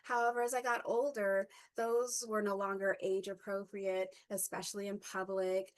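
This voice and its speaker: Halting, reflective woman in her forties. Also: medium pitch, little pitch movement. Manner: halting, with many ums and self-corrections. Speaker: guest speaker. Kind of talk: personal reflective talk.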